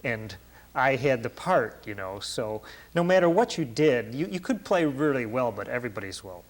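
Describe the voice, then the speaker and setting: A man interviewing a musician, speaking in a relaxed, reflective way with small hesitations. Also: medium pitch, moderate pace. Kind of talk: casual interview conversation.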